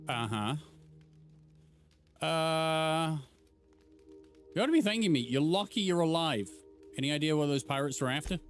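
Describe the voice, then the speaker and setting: A man streaming a game playthrough, talking casually in a joking, excitable way. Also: a little high, normal speed, pauses often, faint music behind. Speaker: gaming streamer. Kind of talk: casual let's play commentary.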